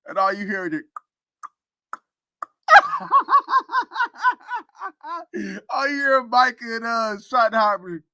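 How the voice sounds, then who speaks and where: A man's voice: very high-pitched, sing-song, extremely slow, pauses often, sharp tone, dry recording. A man hosting a casual sports talk stream, teasing and laughing often. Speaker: sports commentary host.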